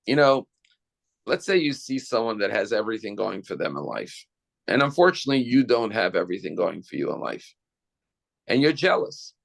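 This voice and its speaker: Male rabbi, mid pitch with a gravelly edge, teaching style, talks straight to the congregation. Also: a bit bright. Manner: explanatory, addresses listeners directly with rhetorical questions. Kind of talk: sermon.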